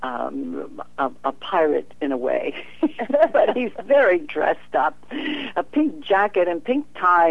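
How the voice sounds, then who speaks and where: Her voice is low and creaky, recorded dry through a telephone with a tinny quality. A professional psychic in an interview, she tells a story with lively energy, acting out dialogue amid frequent laughs.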